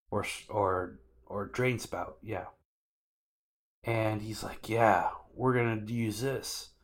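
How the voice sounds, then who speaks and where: A man's voice: fairly low pitch, a bit bright. A man co-hosting a podcast, casually recapping anime episodes in loose slangy talk and acting out the characters' lines.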